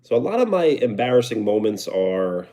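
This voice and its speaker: Chatty New York man, lively pitch. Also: moderate pace. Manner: relaxed, chatty, answers viewer comments. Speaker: livestreamer. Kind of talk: casual live stream chat.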